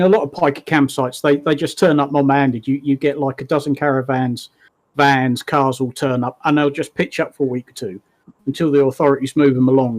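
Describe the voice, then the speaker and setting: A man, hosting a casual online voice chat, telling stories and laughing often. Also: mid-range voice. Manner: lively, laughs often, slangy storyteller.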